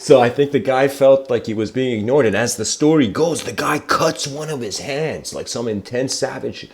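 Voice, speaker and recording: A man giving a livestreamed spiritual talk, telling stories reflectively and slowing down for emphasis. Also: medium pitch, animated, a little mellow. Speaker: spiritual lecturer.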